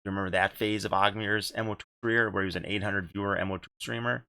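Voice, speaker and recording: A man's voice: on the low side, steady tone, fast talker, vocal fry, bright, forceful tone, smooth, no room sound. A man hosting a casual gaming podcast, rambling and repeating himself, with casual swearing. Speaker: podcast host and streamer.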